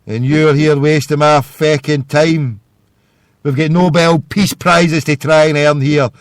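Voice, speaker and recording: A man's voice: fairly high pitch, fairly even intonation, unhurried, dry recording, studio quality. A Scottish man hosting a live internet radio call-in show, ranting and hurling insults in a rambling way.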